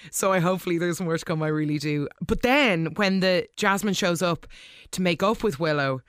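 Recap vlogger: chatty, animated, mid-pitched voice, dry close recording. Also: smooth, dry recording. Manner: animated, gushing, quick asides. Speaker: soap opera recap host. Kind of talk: casual episode recap.

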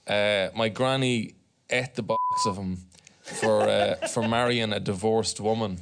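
An Irish man, a comedian on a panel show, telling halting, chatty anecdotes. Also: lowish voice, fairly even intonation, gravelly, heavy background noise. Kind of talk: comic anecdote.

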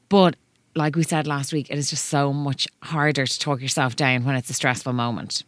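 A woman's voice: a bass voice, fairly even intonation, normal speed, no echo. A woman in her thirties with an Irish accent, co-hosting a podcast in casual chat and telling a story while stopping and restarting herself. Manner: chatty, self-interrupting storyteller. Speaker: podcast co-host. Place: radio studio.

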